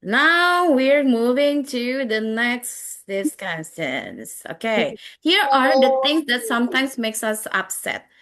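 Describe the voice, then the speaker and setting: A woman's voice: fairly high pitch, very animated, slow pace, hardly any pauses, fairly bright tone. Coaxing woman teacher. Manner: coaxing, quizzes students by name, frequent "oke". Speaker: English teacher. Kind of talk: interactive online class, repeating each English phrase in Indonesian.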